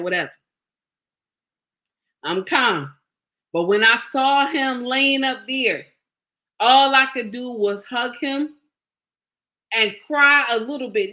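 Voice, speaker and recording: A pushed, bright voice on the high side belongs to a middle-aged vlogger telling her viewers a personal story. She talks to them directly, casually and emphatically, and repeats phrases.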